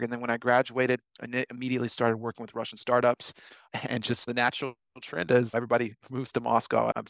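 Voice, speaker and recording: A young American man talks quickly and loosely, his voice carrying a gravelly edge. He tells his story with easygoing enthusiasm and winds through tangents as he goes. The recording is close and dry. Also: mid-range voice, fairly bright tone, dry recording, rough recording. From United States. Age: young adult. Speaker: guest. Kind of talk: casual interview storytelling.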